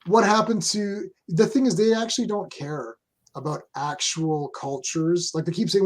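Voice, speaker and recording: Man from Canada, casual host chat, rambling, restarts a lot, fairly high voice. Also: normal speed. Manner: rambling, animated opinions with frequent restarts.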